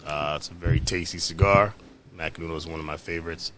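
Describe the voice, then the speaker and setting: A man's voice: low voice, steady tone, bright, forceful tone, slight background noise. A man co-hosting a podcast, chatting casually and easily agreeing with the others. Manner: easygoing, quick to agree. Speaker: podcast co-host. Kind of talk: casual chat.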